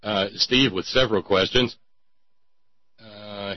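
Husky, sarcastic male talk radio host. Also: lively intonation, measured pace, dry recording, muffled recording. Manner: mocking, with sudden high-pitched exclamations.

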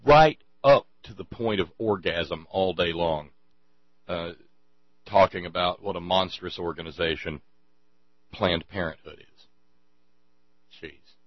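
A man's voice: low-pitched, slow pace, pauses often, no echo, dull audio. A man hosting a show, rambling sarcastically in casual commentary, stumbling over restarts.

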